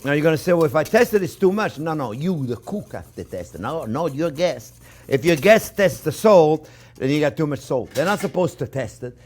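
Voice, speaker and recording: A man's voice: on the high side, animated, normal speed. A man with a French accent, a chef giving a chatty cooking demonstration in a kitchen, repeating himself and talking to viewers as friends.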